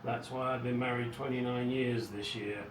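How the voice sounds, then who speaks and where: A man's voice: mid-range voice, fairly even intonation, moderate pace. Middle-aged man rambling in an echoey garage. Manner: rambling, wry, muttering asides. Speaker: car restoration vlogger. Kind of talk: casual workshop narration. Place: home garage, indoors. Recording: echoey garage, distant mic, background noise.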